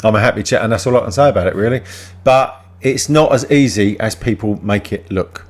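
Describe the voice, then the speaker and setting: A man's voice: fairly low pitch, fairly quick. An older man, chatting casually and telling sweary stories about raising kids. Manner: sweary, storytelling, laughs at his own tales. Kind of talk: casual chat.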